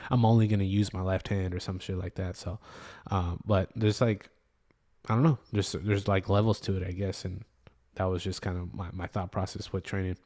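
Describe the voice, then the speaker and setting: Chill guy on a podcast, kinda low voice, rambles with lots of likes and ums. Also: little pitch movement, normal speed, mellow. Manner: rambling, many fillers, laid-back. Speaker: podcast co-host. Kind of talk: casual chat.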